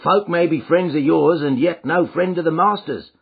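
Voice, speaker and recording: A man doing a gruff old prizefighter porter. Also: a little high, normal speed, voice pushed up. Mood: unyielding. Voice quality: gruff, gravelly, rustic speech. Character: gruff stubborn middle-aged prizefighter porter, McMurdo. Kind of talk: audiobook character voice. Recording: thin phone-like audio.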